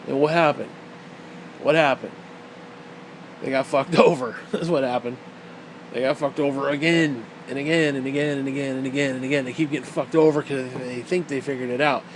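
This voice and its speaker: A man's voice: medium pitch, steady tone, a little fast, background noise. A man talking in a casual, rambling rant, profane and sarcastic.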